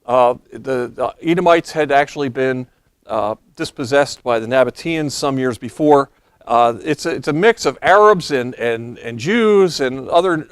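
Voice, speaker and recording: A hoarse man preaching, his voice pitched a little high for a man. He tells history like a story and reads passages aloud. The sound is dry and close, with no room echo. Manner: storytelling lecture, reading quotes aloud. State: losing his voice, coughing. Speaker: pastor. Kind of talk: sermon.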